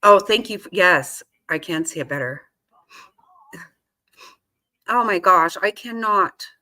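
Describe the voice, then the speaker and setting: A woman's voice: on the low side, expressive, slow pace, bright, forceful tone. A woman giving casual reaction commentary on a court case, indignant and swearing freely as she talks back at the screen. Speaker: true-crime commentary host.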